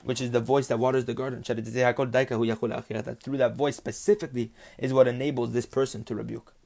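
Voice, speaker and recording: A man's voice: medium pitch, flat delivery, quick pace, creaky, darkish tone. Man, Torah teacher, mid-range voice, reads Hebrew then explains, rhythmic repetition. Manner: explains Hebrew terms then translates them; rhythmic, repeats phrases with rising emphasis. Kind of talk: religious text lesson.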